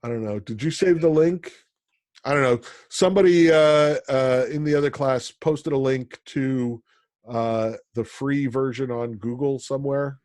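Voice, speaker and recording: A man from Pennsylvania teaching an online college class, talking in a halting way with many ums and restarts. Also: mid-range voice, a little mellow, dry recording, clean studio sound. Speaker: college instructor.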